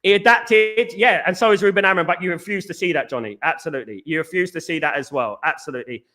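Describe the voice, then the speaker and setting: Over soft background music, a young English man speaks quickly in a high, bright, forceful voice. Reading live chat on his fan channel's livestream, he argues heatedly with chatters and calls them "mate."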